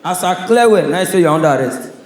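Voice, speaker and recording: A man with a Nigerian accent doing a stand-up comedy set on a stage, telling stories in a loud, punchy way. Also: high-pitched, expressive, fast talker, reverberant, rough recording. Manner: loud, punchy storytelling in pidgin.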